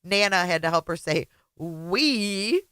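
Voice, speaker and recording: A woman co-hosting a livestream, teasing and bantering with the host and quick to laugh. Her pitch swings widely while her pace stays unhurried, and her sound is dry and close. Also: expressive, a bit bright, no room sound. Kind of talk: casual livestream chat.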